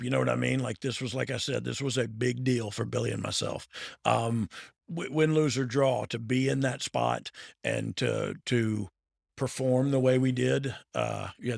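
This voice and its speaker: Gravelly man in his fifties, laid-back host who laughs his way through wrestling stories. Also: medium pitch, no room sound, studio quality. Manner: laughs often, loose and playful. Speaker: podcast host, former wrestler. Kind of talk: casual storytelling chat.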